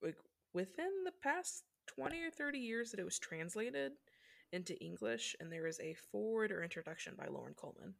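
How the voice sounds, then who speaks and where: A woman's voice: medium pitch, big pitch swings, brisk, gravelly. A woman co-hosting a casual podcast, hesitant and full of ums and likes. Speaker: podcast co-host.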